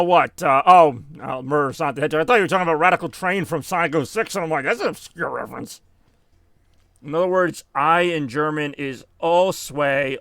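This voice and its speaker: A man's voice: fairly high pitch, fairly bright tone, no echo, clean studio sound. A man in his thirties giving rambling live commentary on a game, laughing often. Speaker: game streamer.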